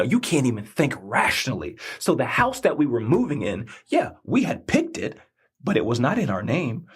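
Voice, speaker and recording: A man's voice: fairly high pitch, slightly rough. A man hosting a motivational podcast, telling a personal story in a preachy style. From not from Indiana. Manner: preachy, storytelling with animated rises. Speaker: podcast host.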